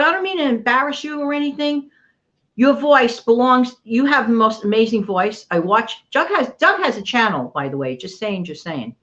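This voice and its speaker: A chatty woman hosts her livestream from home, her voice rising and falling a lot as she greets viewers one by one. She sits a bit high for a woman and repeats her friendly phrases. The sound is dull and lo-fi. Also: a bit bright. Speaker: channel host. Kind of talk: casual livestream chat and recipe reading. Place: home, New York area.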